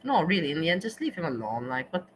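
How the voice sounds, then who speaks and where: A woman's voice: low-pitched, sing-song, quick pace, a little hiss or hum, low-quality recording. A woman hosting a casual livestream, talking straight to her viewers and slipping in German words. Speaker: livestream host.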